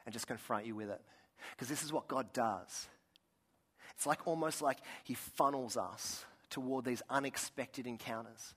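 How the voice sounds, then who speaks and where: A man's voice: mid-range voice, normal speed, a bit bright, husky. A man preaching a sermon, telling personal stories in an earnest way with frequent restarts and asides. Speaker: pastor.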